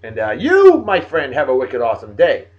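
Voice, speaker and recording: A man hosting a daily video show, reading out shout-outs to viewers in a jovial, folksy way with lively swings in his voice. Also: normal speed, lo-fi sound. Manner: jovial, folksy, animated, big pitch swings. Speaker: host of a daily beer and song video show. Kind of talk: casual shout-outs monologue.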